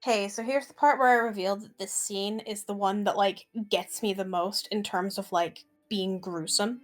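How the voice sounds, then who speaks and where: A woman's voice: mid-range voice, fairly even intonation, moderate pace, soft background music. A woman streamer making casual, chatty asides, with some swearing, while reading a visual novel. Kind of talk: casual chat.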